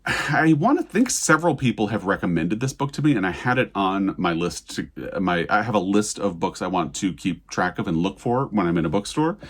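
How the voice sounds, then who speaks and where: A man's voice: sits low, slightly rough. A man casually presenting a book haul, sounding eager and thankful as he chats about each book. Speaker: book vlogger. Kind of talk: casual book haul talk with read-aloud excerpts.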